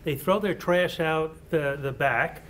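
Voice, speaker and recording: Man doing a grumbling prejudiced hunter in a workshop role-play, halting, a bit high voice, faint noise behind. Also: fairly bright tone. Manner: halting, hesitant delivery.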